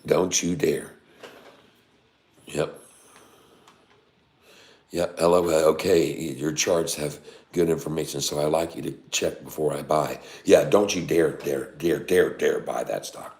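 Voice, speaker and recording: A middle-aged man talks through stock charts in a deep, low voice at an unhurried pace. He scolds and groans with emphatic repeated refusals, sometimes sinking to a hushed whisper in a house. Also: steady tone. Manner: drops to a whisper at times. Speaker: day-trading channel host. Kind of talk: live stock chart commentary. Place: sister's house, indoors.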